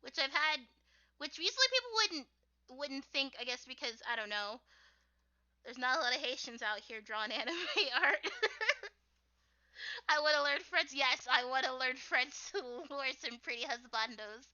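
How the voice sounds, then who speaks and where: On dull, lo-fi stream audio, an American artist streamer rambles and giggles with plenty of fillers while she draws and chats casually. The young woman's voice is high-pitched, expressive, bright, and forceful, at a normal speed.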